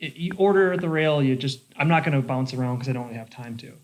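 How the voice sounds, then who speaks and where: Young male bartender, mid-pitch, casual storyteller, profane and animated. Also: fast talker, slight background noise. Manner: animated, swears a lot, lots of "like". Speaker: bartender podcast host.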